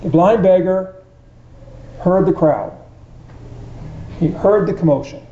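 A man's voice: high voice, mellow, slight background noise. A man teaching an informal Bible study in a conversational way, often asking his listeners questions. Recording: dull echoey room recording.

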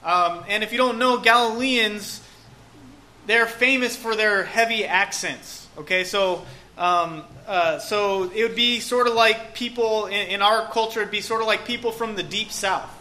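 A man's voice: high voice, a little slow, sharp tone. A man preaching a sermon in a casual, joking way, often saying "okay" and "um". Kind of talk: conversational sermon.

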